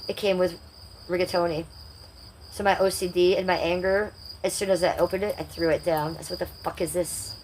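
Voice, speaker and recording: A woman's voice: fairly low pitch, steady tone, brisk, a little mellow, slight background noise, poor audio. A woman hosting a casual livestream, rambling and confiding as she talks straight to her viewers. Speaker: livestream host.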